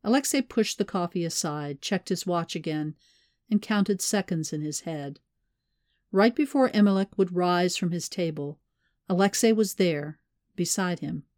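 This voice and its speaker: Low-voiced woman narrating a thriller. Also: a little slow, a little mellow, dry recording, studio quality. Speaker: audiobook narrator. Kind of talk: scripted narration.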